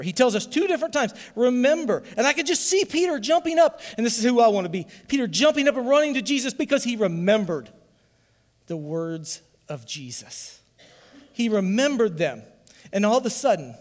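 Pastor, male, high voice, fervent sermon delivery that rises to loud calls to the congregation, church hall reverb.

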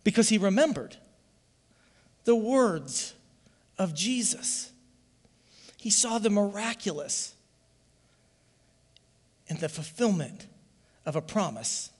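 A man preaching a sermon to his church as its pastor, fervent, often swelling into loud calls for the congregation to join in. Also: high-pitched, expressive, takes it slowly, pauses often, long reverb tail.

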